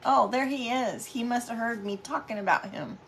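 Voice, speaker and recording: A woman's voice: a little high, normal speed, fairly bright tone, slight background noise. A middle-aged woman hosting a casual live craft stream at home, chatting with viewers and greeting them by name.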